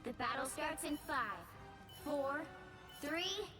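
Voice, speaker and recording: An actress voicing a video game match announcer, giving crisp countdown calls. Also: female voice, sits high, animated, slow pace, loud music behind the voice. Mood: announcing.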